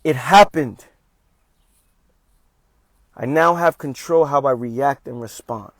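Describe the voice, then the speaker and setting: A man's voice: medium pitch, takes it slowly, no echo. A man giving a motivational talk on a livestream, speaking emphatically, repeating his points and calling his listeners "fam".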